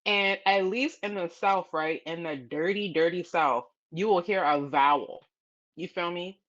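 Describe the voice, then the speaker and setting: A very low-voiced woman speaks bluntly and with lots of swearing and slang, heard through dull, muffled lo-fi call audio. She talks like a guest in a casual stream chat. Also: measured pace. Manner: blunt, profane, animated, slangy.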